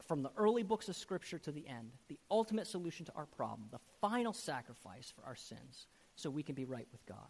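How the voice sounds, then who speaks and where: A man preaching a sermon as pastor, earnest and emphatic, putting rhetorical questions straight to his listeners. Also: a little high. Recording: long hall reverb.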